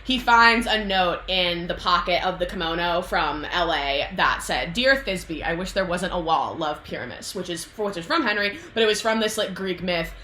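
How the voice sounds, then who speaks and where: Animated young woman with a bright voice. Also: fairly low pitch, normal speed, hardly any pauses, slight background noise. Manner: animated, swears freely, acts out quotes. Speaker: host. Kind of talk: casual chat, retelling a book's plot. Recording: echoey room.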